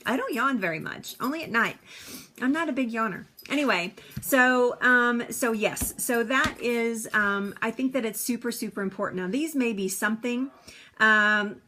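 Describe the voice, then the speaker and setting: A woman's voice: fairly high pitch, normal speed, bright, forceful tone. A woman coaching viewers on a live stream, upbeat and chatty, laughing often as she reads comments aloud.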